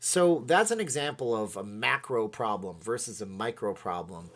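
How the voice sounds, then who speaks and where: A man hosting a casual livestream, rambling and excitable as he reads out chat comments. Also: on the low side, normal speed. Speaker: livestream host.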